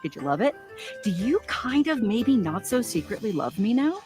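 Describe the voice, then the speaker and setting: A flirty upbeat game date. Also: female voice, on the high side, sing-song, normal speed, a little mellow, faint music behind. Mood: teasing. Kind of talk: video game voice acting.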